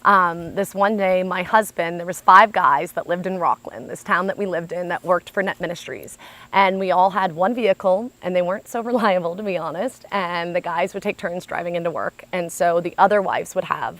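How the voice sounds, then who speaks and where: An American woman from the United States, a speaker telling a personal story in an animated, chatty way, often saying "like". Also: fairly low pitch, moderate pace.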